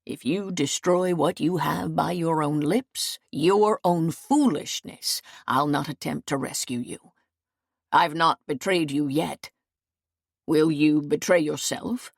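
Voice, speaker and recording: A stern medieval lord lays down the law with cold, measured authority, as a woman reading an audiobook gives him voice. The voice sits low and close in a dry, dead room. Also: vocal fry, no echo, heavily acted. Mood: warning. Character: stern commanding medieval lord, adult man.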